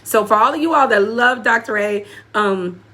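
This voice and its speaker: A woman's voice: fairly high pitch, moderate pace, pushed and bright. A woman giving an emotional personal testimony as an apostle and community leader, speaking straight to her live audience and repeating key phrases for emphasis. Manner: preacherly, speaks directly to the audience.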